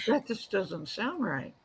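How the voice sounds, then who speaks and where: A woman's voice: medium pitch, a bit bright, breathy edge, poor audio. A woman co-hosting a casual chat over a video call, chiming in and trading remarks. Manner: conversational, chiming in. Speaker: co-host.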